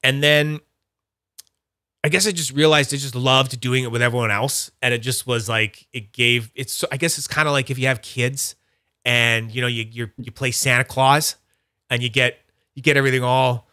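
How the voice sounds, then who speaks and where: A man's voice: fairly even intonation, normal speed, pushed and bright, smooth, no room sound. A man hosts a laid-back livestream, chattering with easy enthusiasm. His voice sits mid-range, and the sound is dry and close, with no room around it. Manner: rambling, enthusiastic, puts on high voices for quotes. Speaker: livestream host. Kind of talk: casual livestream chat.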